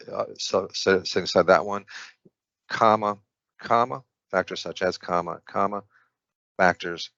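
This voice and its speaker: A man's voice: low-pitched, a bit bright, no room sound, lo-fi sound. A man tutoring through practice test questions, thinking aloud with frequent restarts and fillers. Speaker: SAT prep tutor. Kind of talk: screen-share test walkthrough.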